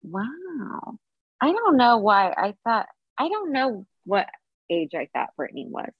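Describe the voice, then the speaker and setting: A woman's voice: on the high side, sing-song, takes it slowly, no room sound, muffled recording. A woman co-hosting a podcast in casual chat, reacting often and trailing off with fillers while she thinks. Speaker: podcast co-host.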